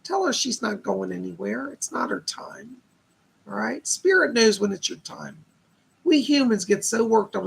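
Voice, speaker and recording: A man's voice: high voice, animated, moderate pace, creaky, fairly bright tone, breathy edge. A man hosting a live stream of psychic readings, chatty and upbeat, reading viewer comments aloud and thanking donors.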